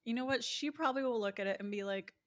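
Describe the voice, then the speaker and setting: Woman, thirties, higher voice, animated storyteller, giggly co-host. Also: fast talker. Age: 30s. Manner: animated storyteller, laughs a lot. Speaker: podcast co-host. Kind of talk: casual chat.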